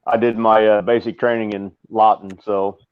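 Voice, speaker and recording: Low-voiced man on dull call-in audio. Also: flat delivery, normal speed, clean tone. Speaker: caller on live stream.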